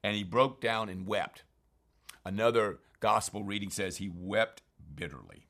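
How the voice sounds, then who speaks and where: A man explaining scripture passages in a loose, unscripted way. His voice sits low and comes out bright and forceful. He stresses key words and stumbles over himself now and then. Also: a little slow. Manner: earnest, emphatic, with frequent fillers and restarts. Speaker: Bible teacher. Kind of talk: informal scripture commentary.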